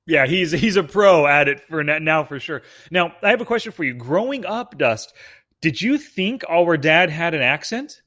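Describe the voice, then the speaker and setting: A man's voice: fairly high pitch, sing-song, normal speed, fairly bright tone. A young man co-hosting a podcast in casual chat, joking and sarcastic. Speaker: podcast co-host.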